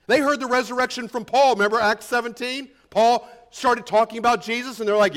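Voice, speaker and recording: A man with a notably high speaking voice preaches through a passage of scripture. He talks to the congregation in a conversational way, presses his points with emphasis and keeps asking them rhetorical questions. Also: brisk, few pauses, a bit bright. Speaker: pastor. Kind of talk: expository sermon.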